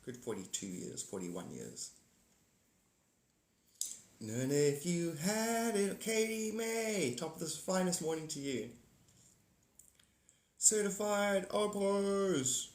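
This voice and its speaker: A man's voice: sits high, lively intonation, slow pace, pauses often, a little mellow, echoey room. A man in his forties, hosting a casual livestream chat, rambling and repeating himself while greeting viewers by name. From South Africa. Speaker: livestream host.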